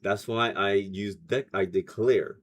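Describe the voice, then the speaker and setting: A man's voice: fairly low pitch, steady tone, slow pace. A man hosting a spiritual livestream, chatting loosely, laughing often and reading viewer comments aloud. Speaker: meditation livestream host. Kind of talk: casual livestream chat.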